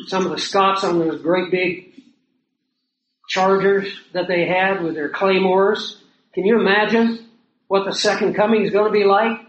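High-voiced man preaching in a roomy space. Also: dull audio. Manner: conversational, asks rhetorical questions. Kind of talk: sermon. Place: outdoors or lodge near hills and prairie. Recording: roomy echo, faint noise.

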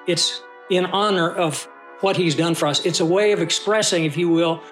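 A man's voice: on the high side, a bit bright. A man teaching a Bible study, who reads scripture aloud and puts questions to his class.

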